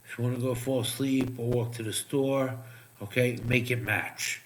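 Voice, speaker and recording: A man giving profane, sarcastic live trading commentary, muttering asides as he checks charts, while his voice is going hoarse. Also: mid-range voice, steady tone, normal speed. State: losing his voice. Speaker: crypto trading streamer.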